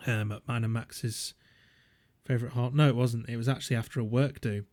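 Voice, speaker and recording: A man's voice: mid-range voice, steady tone, a little fast, a little mellow. A young man, co-hosting a podcast and telling rambling stories in a casual chat, full of "um"s and swearing. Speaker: podcast co-host.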